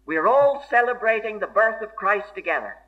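A man's voice: high-pitched, big pitch swings, a little fast. A man preaching a sermon in an earnest, emphatic way, repeating key phrases for stress. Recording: dull lo-fi sermon recording.

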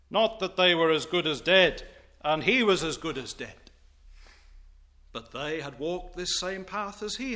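A male preacher with a bright, ringing voice pitched a little high. He delivers an expository sermon, stacking rhetorical questions in old-fashioned, formal phrasing.

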